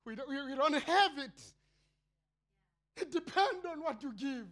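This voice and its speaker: South African male pastor, slow fiery sermon, cries out then drops to murmurs. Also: animated. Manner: impassioned, swinging between shouted cries and low murmurs.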